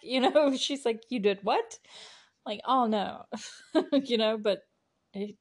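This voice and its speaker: A woman's voice: mid-range voice, darkish tone. Giggly, chatty woman recapping a show. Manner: chatty, giggly, full of "like" and "you know". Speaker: podcast host. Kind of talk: casual podcast recap.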